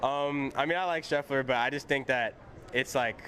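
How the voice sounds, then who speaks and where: A man's voice: mid-range voice, normal speed, pushed and bright, a little hiss or hum. A teenage boy golfer answering interview questions casually and a bit hesitantly, outdoors at a golf course. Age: teens.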